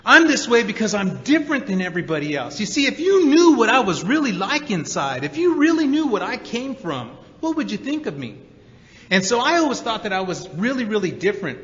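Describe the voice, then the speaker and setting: A man speaking at a recovery meeting, telling his story to an audience in an animated way, acting out the voices of the people in it. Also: sits high, a little fast. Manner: animated storyteller, acts out quotes, many repeated 'and's. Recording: dull recording in a hall with reverb.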